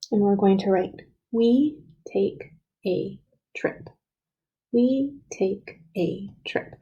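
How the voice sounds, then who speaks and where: A woman's voice: mid-range voice, dark tone, low-quality recording. A woman teacher leading a recorded writing lesson for young children, patiently sounding out each word and letter.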